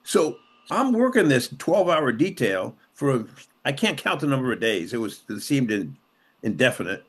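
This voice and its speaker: A man's voice: medium pitch, sing-song, normal speed, breathy edge. Impassioned older man recounting memories. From Los Angeles, USA. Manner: impassioned, emphatic repetition; emotional retelling, voice rising and dropping sharply. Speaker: interview guest, former police officer and city councilman. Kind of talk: conversational storytelling.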